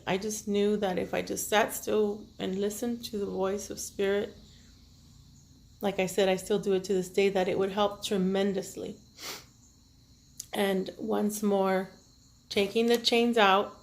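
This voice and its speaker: A tarot reader and self-care vlogger, an adult woman with children, speaks to her viewers in a creaky, medium-pitched voice. Her personal monologue is emotional and earnest but halting, full of restarts and fillers, and at times she is tearful.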